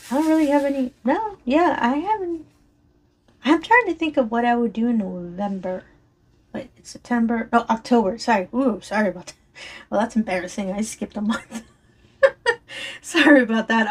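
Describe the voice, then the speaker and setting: Chatty woman with strained voice. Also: on the high side. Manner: rambling, chatty, apologetic, laughs often. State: slightly strained voice from allergies. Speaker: crafting vlogger. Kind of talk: casual chat while diamond painting.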